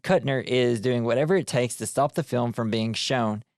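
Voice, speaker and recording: A man co-hosting a movie podcast, recapping the plot in loose casual chat. He rambles with plenty of fillers and keeps breaking into laughter. His voice sits at an ordinary middle pitch, recorded close and dry with no room echo. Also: normal speed, a little mellow. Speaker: podcast co-host.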